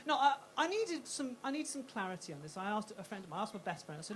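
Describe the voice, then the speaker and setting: A woman's voice: medium pitch, animated, fast, few pauses. Posh-sounding woman doing stand-up. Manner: self-mocking, swears freely, stumbles and repeats words. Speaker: stand-up comedian. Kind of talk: live stand-up set. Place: comedy club stage. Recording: live club recording with crowd noise. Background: audience laughing.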